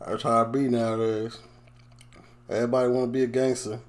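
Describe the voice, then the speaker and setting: A man from Chicago hosts a reaction video, offering a chatty, amused running commentary. His pitch sits in an ordinary middle range, and he keeps the tone loose and laughs often. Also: little pitch movement, fairly quick.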